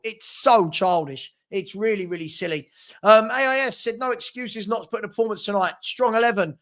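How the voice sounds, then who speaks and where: A young man speaks with a high, bright pitch as he hosts a live football watchalong. He chats loosely into a desk mic in a room at home. He reads out viewer messages and answers them in a relaxed, running patter. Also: normal speed. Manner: chatty, reads out viewer comments, scolds a puppy. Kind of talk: casual live-stream chat.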